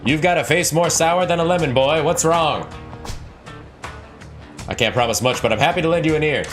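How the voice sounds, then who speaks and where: A man voicing a jolly, hard-drinking aging foreign man in a game, with a loud, pitched-up cheery delivery. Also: moderate pace, soft background music, natural voice. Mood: jovial.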